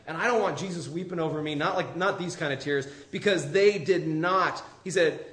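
A man preaching a sermon, moving between loud, urgent calls and hushed, low appeals. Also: moderate pace. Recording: roomy echo.

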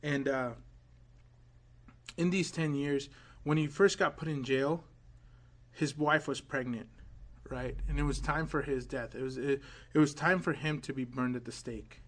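A man preaching a sermon, telling a story dramatically, dropping to hushed quoted words and rising to loud build-ups. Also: mid-range voice, fairly even intonation, unhurried, long pauses.

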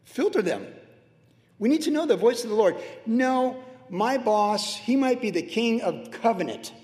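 A man's voice: very high-pitched, expressive, unhurried, a little mellow. A middle-aged man preaching a sermon as pastor, conversational and humorous, with personal asides. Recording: roomy hall reverb.

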